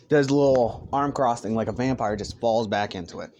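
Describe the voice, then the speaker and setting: A man's voice: medium pitch, normal speed, a little mellow, slight background noise. A young man casually narrating a fan-fiction story in a crude, joking, rambling way.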